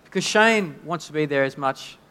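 A man preaching a sermon in a conversational, halting way, often restarting his sentences. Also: a little high, expressive, pushed and bright, smooth. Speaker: pastor. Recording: long hall reverb.

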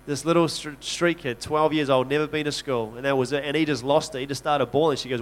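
A man's voice: medium pitch, fairly even intonation, a little fast, a bit bright. A man speaking as a missionary in a church talk, telling stories earnestly and conversationally, often restarting his sentences. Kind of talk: church talk, personal storytelling.

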